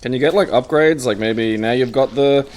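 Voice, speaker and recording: A man's voice: mid-range voice, moderate pace, darkish tone. A man co-hosting a casual gameplay chat, rambling loosely with many fillers. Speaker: co-host.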